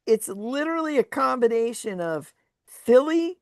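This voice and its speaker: A woman's voice: a little high, unhurried, no room sound, studio quality. A woman co-hosting a sports podcast, a former agent, telling stories in casual chat and laughing often. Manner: lively storyteller who laughs often.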